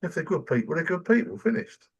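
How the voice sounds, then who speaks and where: An older man from England, chatting casually as a podcast host and telling animated stories. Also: high-pitched, quick pace, gravelly, slightly rough, dull audio. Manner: animated storyteller, acts out quoted voices. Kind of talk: casual chat.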